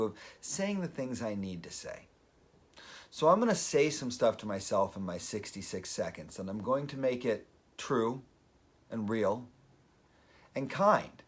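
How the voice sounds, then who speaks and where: A man with a lowish, breathy-edged voice hosts a daily live video. He gives motivational advice earnestly, letting his emotions show openly.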